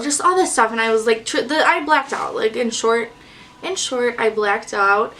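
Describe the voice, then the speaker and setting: A woman's voice: on the high side, normal speed, bright, forceful tone, recorded from a distance, slight background noise. A young woman from the Detroit area, chatting casually about makeup in a bubbly way, full of "like" fillers. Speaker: beauty vlogger. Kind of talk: casual makeup chat to camera. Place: at home, in front of a mirror.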